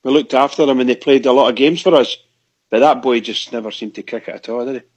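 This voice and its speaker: Husky Scottish man chatting football. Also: mid-range voice, fast talker. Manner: chatty, enthusiastic, reminiscing. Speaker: fan radio host. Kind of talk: casual football chat. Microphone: online group call.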